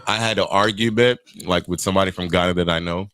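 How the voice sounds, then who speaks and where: A man's voice: low voice, steady tone, a bit bright, clean tone, no room sound. A man from Nigeria co-hosting a casual podcast chat, joking and laughing as he tells stories. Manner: joking, quick to laugh, playful storyteller. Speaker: podcast co-host.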